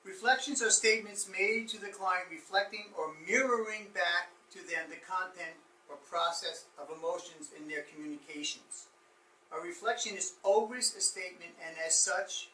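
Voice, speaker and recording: A man with a high, very bright voice gives an informal training lecture. He talks conversationally, works through examples and often restarts his sentences. He sounds far from the mic, in an echoey room. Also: moderate pace, slight background noise.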